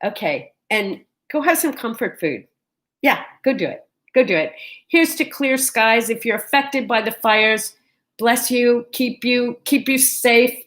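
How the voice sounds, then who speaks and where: Middle-aged woman hosting a morning vlog, chatty and animated, pitched a bit high. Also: a little slow. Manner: chatty, animated, talks straight to viewers. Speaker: vlog host. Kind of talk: casual storytelling chat.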